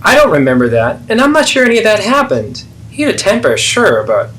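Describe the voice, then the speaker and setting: A man's voice: high voice, huge pitch swings, fairly quick, fairly bright tone, voice pushed up, heavily acted. A man voicing a defensive, self-pitying middle-aged mother in a therapy role-play, deflecting and indignant. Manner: dramatic, deflecting, swings between hurt and indignant.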